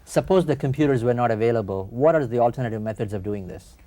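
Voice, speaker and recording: A man's voice: mid-range voice, quick pace, dark tone. A man hosting a TV interview, polite and easily impressed. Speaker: host.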